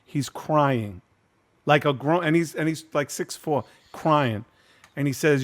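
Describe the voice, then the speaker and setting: A man's voice: fairly high pitch, slow. A man in his fifties hosting a casual video-call reunion, telling a candid, profane story and acting out what people said. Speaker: host.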